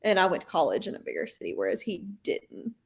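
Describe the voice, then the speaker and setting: A woman's voice: on the low side, fast talker, vocal fry. Chatty woman w a light southern accent, voice bouncing up and down a lot. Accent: mild Southern US. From American South. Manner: chatty, animated storyteller. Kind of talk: casual chat.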